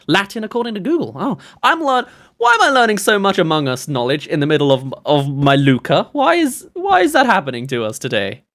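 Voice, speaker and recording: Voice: medium pitch, very animated, brisk, fairly bright tone. A streamer, rambling and chatty while reacting to movie trailers live, reading chat aloud and laughing often.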